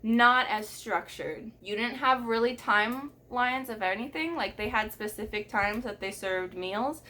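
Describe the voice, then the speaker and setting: A woman's voice: fairly high pitch, unhurried, pushed and bright. A young woman vlogger telling a personal story candidly and bluntly, swearing and laughing things off.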